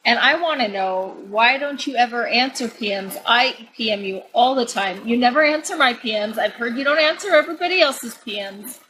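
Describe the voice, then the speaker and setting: A woman co-host of a casual podcast, chatty and teasing, with a somewhat high voice. Faint noise sits under her speech. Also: animated, fairly quick, hardly any pauses, pushed and bright, low-quality recording.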